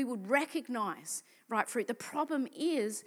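A woman evangelist preaching from the pulpit, telling her story with animated emphasis. Her voice sits high and comes across bright and forceful. She pushes key phrases hard, building to passionate calls. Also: normal speed. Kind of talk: sermon testimony.

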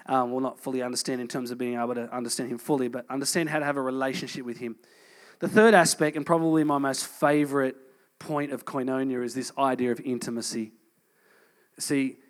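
A man in his thirties preaching a sermon as a pastor, in a conversational, earnest way, moving from emphatic points to soft, intimate passages. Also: medium pitch.

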